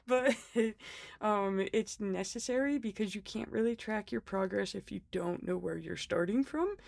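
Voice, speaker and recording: A woman's voice: mid-range voice, creaky, a little mellow, no room sound. A woman talking through her budget planner in a casual vlog, sick and short of breath, chatty with lots of ums and small laughs. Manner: chatty, self-deprecating, frequent ums and laughs. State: sick and winded. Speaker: planner vlogger.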